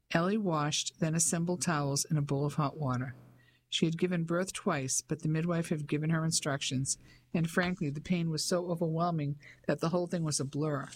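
An audiobook narrator reading a novel in an even, measured way. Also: medium pitch. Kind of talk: scripted narration.

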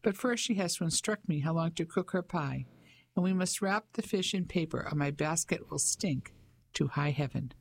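An audiobook narrator voicing a good-humoured older French cook with a jovial manner. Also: male voice, a little high, moderate pace, gravelly.

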